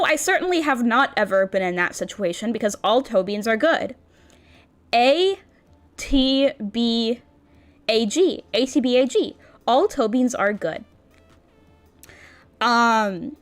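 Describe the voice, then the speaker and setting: A woman's voice: fairly high pitch, expressive, takes it slowly, long pauses. Bubbly, cutesy woman streamer. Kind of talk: casual stream chat. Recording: faint background music.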